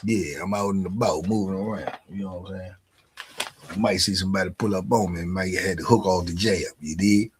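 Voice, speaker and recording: A man's voice: low voice, brisk, a little hiss or hum. A man hosting a live stream in casual chat. He laughs often and keeps asking "you dig?". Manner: laid-back slang talk, laughs often, asks "you dig?".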